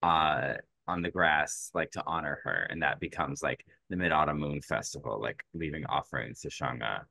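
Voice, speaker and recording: Man, very low voice, casual podcast chat, rambling with fillers, dry close sound. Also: moderate pace, creaky, few pauses, bright, forceful tone, dry recording. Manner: rambling, many fillers and restarts. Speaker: podcast co-host.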